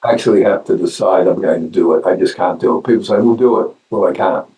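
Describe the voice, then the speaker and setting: Older Australian man, joking storyteller, low mellow voice, roomy room sound, distant from the mic. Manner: anecdotal, wry and joking, halting with restarts. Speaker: guest actor. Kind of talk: casual interview chat.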